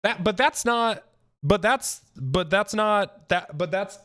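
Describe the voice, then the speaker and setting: Speaking slowly in a high voice, a young streamer delivers laid-back reaction commentary. His manner is animated and foul-mouthed, full of rants and constant restarts.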